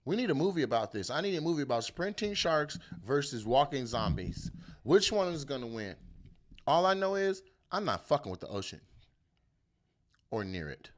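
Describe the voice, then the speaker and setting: Seorang pria sebagai komedian pembawa acara yang mengomentari berita dengan kasar, penuh umpatan, dan meledak-ledak dengan suara tiruan. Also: male voice, medium pitch, normal speed. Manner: animated, profane, jumps into loud bits and mock voices. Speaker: comedian host. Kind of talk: comedic rant on the news.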